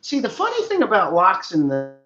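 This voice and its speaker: A middle-aged American farmer tells rambling, joking stories on his livestream in a high-pitched, fairly bright voice with huge pitch swings, talking a little fast. He's a chatty storyteller, and the sound is dull and lo-fi with faint noise.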